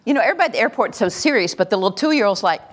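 A woman presenting a live workshop, animated and acting out little scenes as she teaches. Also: mid-range voice, rapid-fire. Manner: animated, acts out little scenes and laughs along. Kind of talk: live teaching talk to an audience.

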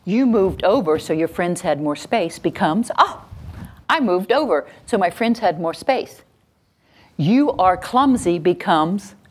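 A woman giving a workshop lecture, speaking emphatically, repeating key phrases and checking in with her audience. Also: sits low. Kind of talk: teaching lecture to a live audience.

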